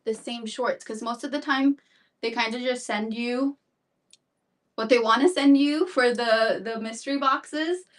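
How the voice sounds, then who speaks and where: A slightly breathless woman runs a live shopping stream, rambling through sizes and prices with lots of fillers. Her voice sits a little high and comes from a bit away from the mic. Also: measured pace, distant mic. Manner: chatty, rambling, fillers and repeats. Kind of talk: live-stream sales chat.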